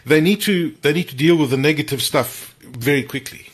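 A man's voice: fairly high pitch, moderate pace, slightly rough. A man co-hosting a casual tech podcast, chatty and repeating his phrases. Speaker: podcast co-host.

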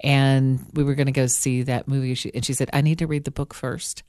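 Low-voiced chatty woman co-host. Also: fairly quick, no echo, studio quality. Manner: chatty and expressive, laughs often. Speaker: podcast co-host. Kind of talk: casual radio interview chat.

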